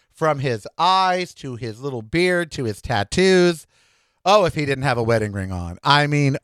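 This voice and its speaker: A man with an ordinary mid-range voice, talking casually as the host of his own show. He recounts his week in a chatty, animated way and acts out the back-and-forth of his conversations. The recording is dry and close, with no room sound. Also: mid-range voice, no echo. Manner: chatty, animated, talks back and forth with himself in quoted dialogue. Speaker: podcast host. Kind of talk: casual monologue storytelling.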